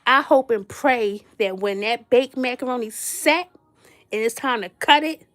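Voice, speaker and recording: High-voiced woman telling a funny story. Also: measured pace. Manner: animated, laughs often, playful roasting; slangy, chatty, addresses listeners directly. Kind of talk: casual comic storytelling.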